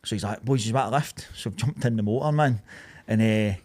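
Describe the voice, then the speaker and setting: A man's voice: fairly low pitch, brisk, darkish tone. A man in his thirties with a Glaswegian accent, telling stories in casual podcast chat, swearing and laughing freely. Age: 30s. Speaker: podcast co-host.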